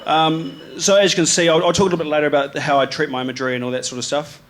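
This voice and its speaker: A man's voice: fairly high pitch, steady tone, fast, hardly any pauses, fairly bright tone, slight background noise. A man from New Zealand with a New Zealand accent, a photographer giving a live talk about his slides. He rambles casually, with lots of ums, restarts and slang. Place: live event venue with an audience.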